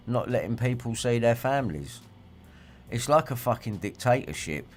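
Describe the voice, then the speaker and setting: A man, ranting and swearing in a rambling livestream monologue and reacting to viewer comments. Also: fairly low pitch. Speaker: livestream host.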